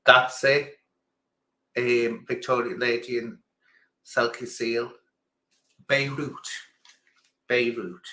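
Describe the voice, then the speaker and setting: Guy hosting a stream quiz, dramatic and camp about himself, keeps saying darling, sharp bright tone, roomy echo. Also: medium pitch, little pitch movement, takes it slowly, pauses often. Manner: theatrical, self-mocking and grand, calls listeners darling. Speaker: livestream quiz host. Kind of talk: casual livestream chat. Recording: echoey room.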